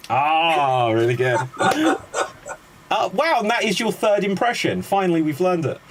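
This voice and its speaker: A man's voice: high-pitched, big pitch swings, very noisy. A man hosting an improv comedy show, joking, laughing and calling on players. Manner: jokey, quick, laughing between prompts. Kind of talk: casual comedy banter.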